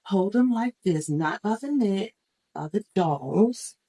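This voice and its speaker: A woman's voice: mid-range voice, animated, slow pace, warm tone, rough recording. A woman teaching CPR, giving step-by-step instructions and counting the moves aloud as she demonstrates. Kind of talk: hands-on first aid demonstration.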